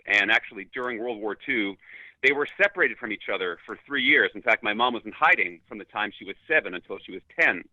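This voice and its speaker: A man's voice: on the low side, dry recording, narrow, tinny audio. A man from New York City answering interview questions in an upbeat, articulate way. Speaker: guest, leadership consultant.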